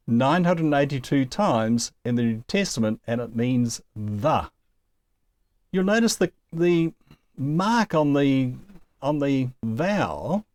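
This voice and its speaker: A man teaches Greek pronunciation slowly and patiently, with a lively voice that rises and falls. The sound is close and dry, with no room echo. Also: on the high side. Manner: patient, explains step by step with small laughs. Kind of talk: recorded language lesson.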